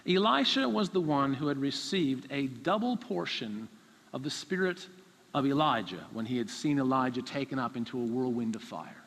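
Male preacher, sermon, animated storytelling, very lively pitch, long hall reverb. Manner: animated storytelling, acts out characters.

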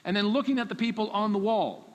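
A man's voice: sits high, expressive, fast talker, big-room sound. A man preaching a sermon, telling a story animatedly and acting out the characters.

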